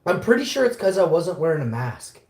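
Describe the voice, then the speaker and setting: Lady livestreaming a rant story, lower voice, pitch jumps all over, echoey room. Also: fairly quick. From Winnipeg, Canada. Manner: animated, swearing, acts out quotes.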